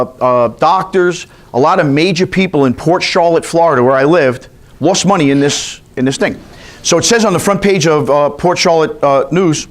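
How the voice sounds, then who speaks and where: Man, from New York, class instructor, anecdotal storytelling, fairly high pitch. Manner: chatty, anecdotal, quizzes the audience. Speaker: continuing education instructor. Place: classroom with a live audience.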